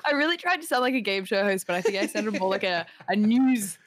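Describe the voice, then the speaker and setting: A woman's voice: medium pitch, animated, quick pace. A woman co-hosting a podcast in casual chat, giggly and bubbly, laughing often. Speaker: podcast co-host.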